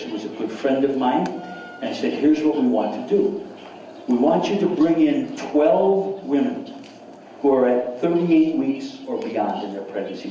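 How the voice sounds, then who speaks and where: A man's voice: medium pitch, warm tone, lo-fi sound, slight background noise. Enthusiastic man lecturing in an echoey hall. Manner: enthusiastic, repeats words, asks the audience questions. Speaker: seminar speaker. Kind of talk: lecture to an audience. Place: seminar hall. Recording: echoey hall, speaker far from mic.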